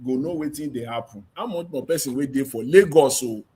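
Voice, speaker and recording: A man's voice: medium pitch, fairly quick, warm tone, husky. A man with a Nigerian Pidgin accent on a discussion panel, teasing and asking pointed questions. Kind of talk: heated group discussion.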